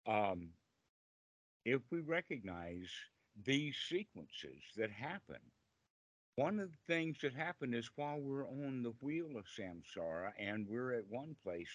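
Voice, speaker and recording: A man's voice: mid-range voice, lively intonation, a little slow, dry recording. A man teaching Buddhist meditation in an informal talk on a video call, patient and full of small fillers, humming tunes to explain a point.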